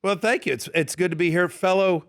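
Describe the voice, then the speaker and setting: A man in a radio studio tells stories as a guest, switching into the voices of the people in them. His voice sits a bit high and the sound is dry and close. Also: fast talker, no room sound. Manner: animated storyteller, acts out quoted yelling. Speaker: fantasy football analyst. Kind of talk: casual interview storytelling.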